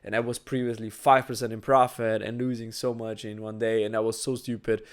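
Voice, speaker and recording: A trading educator talks casually to camera, explaining things in a conversational way with fillers and constant "right?" tags. His voice is lowish and level, and he speaks a little fast.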